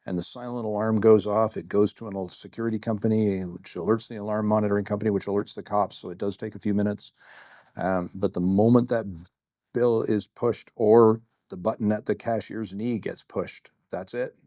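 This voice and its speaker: A middle-aged security guard recounts a story in a candid, self-mocking way, with plenty of "uh" and "you know." His voice sits fairly low and sounds mellow and relaxed. The recording is dry and close. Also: brisk, dry recording. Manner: candid, self-deprecating, rambling with fillers. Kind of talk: first-person storytelling.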